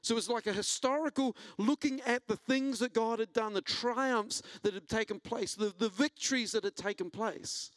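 A man preaching a sermon, telling a personal story and building to an animated delivery. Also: moderate pace, few pauses, dry recording. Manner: storytelling, rising in pitch and intensity when preaching. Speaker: pastor.

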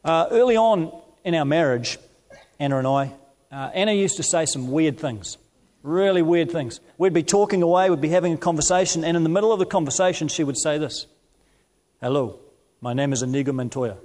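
Man preaching a sermon, voice a bit high. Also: darkish tone. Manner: storytelling, measured scripture reading. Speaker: pastor.

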